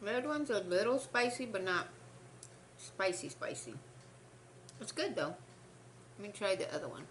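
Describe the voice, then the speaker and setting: A woman's voice: mid-range voice, big pitch swings, moderate pace, pauses often, fairly bright tone, a little hiss or hum. A young woman, rambling through a story between bites on her eating show. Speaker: mukbang host. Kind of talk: casual eating-show chat.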